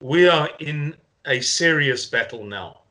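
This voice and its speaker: Slow, earnest South African man. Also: fairly high pitch, animated, bright, forceful tone. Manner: earnest, rallying, deliberate. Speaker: movement spokesman. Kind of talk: video update to supporters.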